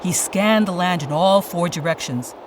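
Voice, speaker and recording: A storyteller giving a dramatic, expressive storybook narration. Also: medium pitch, moderate pace, background noise. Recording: distant voice over loud music.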